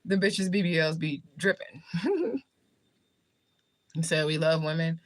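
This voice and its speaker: The voice is low-pitched, expressive and a little slow. She is a livestream host and spiritual reader from the United States, casually answering viewer comments in a blunt, jokey way, cursing heavily and laughing frequently.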